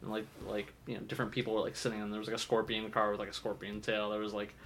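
A man's voice: fairly low pitch, monotone, very fast, fairly bright tone, slight background noise. A man co-hosting a casual podcast chat in a comic shop, rambling with lots of fillers and restarts. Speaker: podcast co-host.

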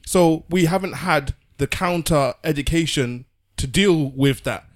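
A man's voice: fairly high pitch, a little slow. A man explaining his view in casual podcast talk, earnestly, often repeating words as he works through a point. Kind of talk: casual discussion.

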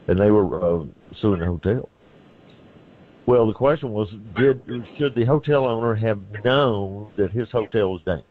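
A man with a Southern accent, a constitutional lawyer from Tennessee, answering listeners' legal questions on a call-in radio show in plain, folksy terms. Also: deep voice. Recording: tinny phone line.

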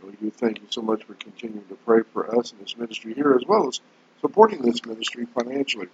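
A male pastor hosts a daily radio devotional, his husky voice measured and earnest as he draws out his words. The audio sounds dull and lo-fi, like an old broadcast. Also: mid-range voice, a little mellow. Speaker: pastor and host.

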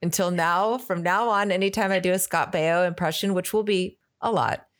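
Speaking at a normal speed in a lowish voice, this woman co-hosts a podcast with casual chat. Her dry humor slips out in joking asides.

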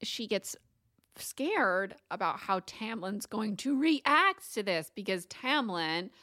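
A woman co-hosting a book podcast, retelling chapters in a casual, animated way and laughing often. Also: mid-range voice, slow, dry recording, clean studio sound.

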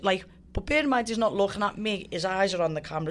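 A woman with a mid-range voice speaks at a moderate pace. She's a guest fighter telling a story casually and with plenty of energy, swearing freely and acting out what other people said.

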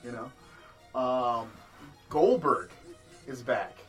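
A man hosting a casual podcast chat, swearing freely and laughing as he tells animated stories. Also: medium pitch, extremely slow, soft background music. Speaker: podcast host.

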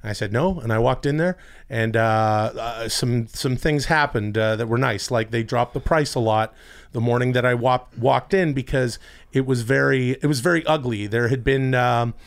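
A man's voice: mid-range voice, normal speed. A man, a podcast guest, chatting casually and telling a rambling story, acting out the people he quotes in a raised voice. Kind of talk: casual chat. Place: Los Angeles.

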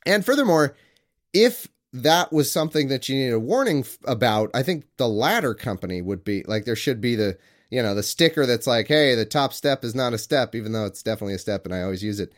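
A man's voice: mid-range voice, expressive, fast. A man from California co-hosting a podcast, working through a quiz question in rambling, joking casual chat that keeps cutting itself off. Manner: rambling, self-interrupting, joking. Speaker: podcast co-host answering a quiz.

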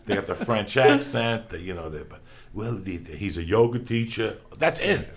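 A man hosting a casual, crude podcast chat, telling stories in a profane, animated way. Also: lowish voice, moderate pace.

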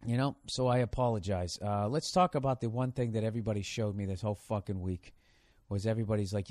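A man's voice: fairly low pitch, fairly even intonation, fast talker, a little mellow, dry recording. Profane, ranting male comedian. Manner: profane, sarcastic, rambling rants. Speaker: comedian host.

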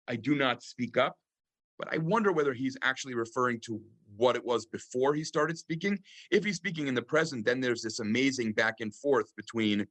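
A man, a rabbi, teaching a class on scripture, reading verses aloud and translating them, with frequent pauses and ums. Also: medium pitch, fairly bright tone. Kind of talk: lecture on scripture.

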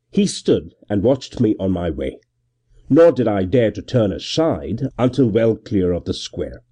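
A man narrating a period novel in the first person, with a measured, expressive reading. His voice sits low and mellow with a husky grain, and his pitch moves in a lively, animated way. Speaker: audiobook narrator.

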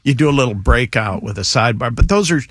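A man's voice: medium pitch, expressive, fast, a bit bright, dry recording, clean studio sound. A man being interviewed as an author on a radio show, speaking in a friendly and articulate way. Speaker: author guest. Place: radio studio.

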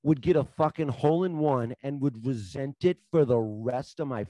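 Brief: man, mid pitch, profane storyteller, casual podcast banter, dry close sound. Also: moderate pace, dry recording. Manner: profane, animated storyteller, laughs at his own stories.

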